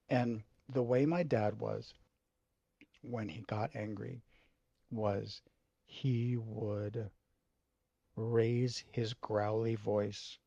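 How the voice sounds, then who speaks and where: A man with a husky, gravelly voice tells a personal story slowly, in halting, emotional bursts and with frequent swearing. The recording is dry and slightly dull. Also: on the low side, fairly even intonation, warm tone, no echo. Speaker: video host.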